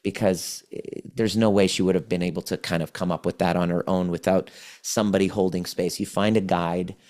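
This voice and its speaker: A man with a fairly low voice speaks as a guest on a podcast. He retells a healing session with animated energy and voices both sides of the exchange. His delivery is conversational and earnest. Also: brisk. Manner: animated, acts out the client's replies. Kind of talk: conversational storytelling.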